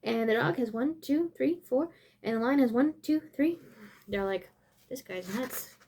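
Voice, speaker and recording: Woman storyteller, playful and chatty, with a high, bouncy voice and a faint hiss behind her. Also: animated, moderate pace, a little mellow. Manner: chatty, playful asides between story lines. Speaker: storyteller reading to toy robots. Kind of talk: playful read-aloud storytelling.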